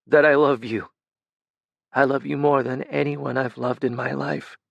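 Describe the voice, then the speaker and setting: A male audiobook narrator voicing a dying young man who speaks faintly and haltingly, near a whisper, in a slightly raised, slow voice. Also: medium pitch, flat delivery, creaky, no room sound, lo-fi sound. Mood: tender. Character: dying young man, gentle, slurring, tender. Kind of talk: audiobook character reading.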